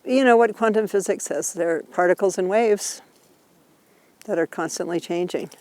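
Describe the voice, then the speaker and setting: A woman's voice: on the low side, moderate pace, a little mellow. A woman teaching a group outdoors, explaining ideas patiently and laughing often as she talks. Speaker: Buddhist teacher leading a tour. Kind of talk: informal teaching while walking.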